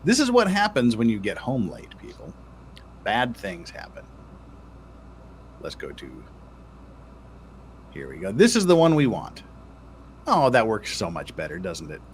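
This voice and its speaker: A man's voice: mid-range voice, a little hiss or hum. A man hosting a casual livestream, reading out super chats and joking with his co-host in playful banter.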